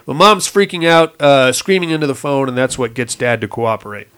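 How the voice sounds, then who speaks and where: A man's voice: medium pitch, brisk, fairly bright tone, smooth. A man casually recapping a movie plot with profane humor, acting out the characters' lines in shifting voices. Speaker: podcast co-host recapping a movie.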